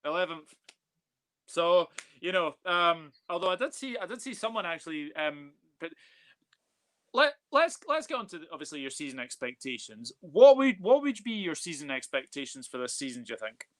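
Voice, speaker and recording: A man's voice: a little high, sing-song, normal speed, a bit bright. A man hosting a casual football live stream, upbeat and chatty as he reads out viewer comments. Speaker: football channel host.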